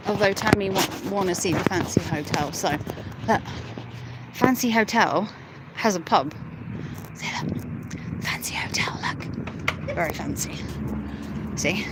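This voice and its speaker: A woman's voice: medium pitch, noisy background. A British woman hosting a casual livestream outdoors on her phone. She giggles, teases her viewers and swears casually. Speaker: livestream host. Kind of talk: casual live chat with viewers. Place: outdoors at night near a hotel and graveyard.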